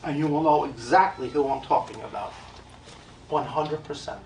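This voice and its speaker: An American man who works as a medium addresses a live audience in an event hall, bluntly and emphatically repeating his points and tossing in joking asides. His mid-range voice is gravelly and somewhat dark, at a normal speed. The room is echoey, the mic sits at a distance, and there's slight background noise.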